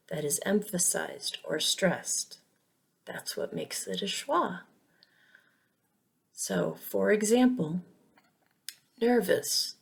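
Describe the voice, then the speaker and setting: A woman teaching English pronunciation in a scripted lesson, saying each example word twice in a deliberate way. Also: fairly low pitch, gravelly, breathy edge, rough recording.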